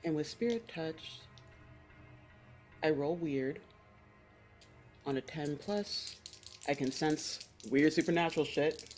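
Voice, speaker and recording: Give me a slow-talking player explaining dice rolls in a tabletop game. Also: mid-range voice, soft background music. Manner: unhurried, explaining.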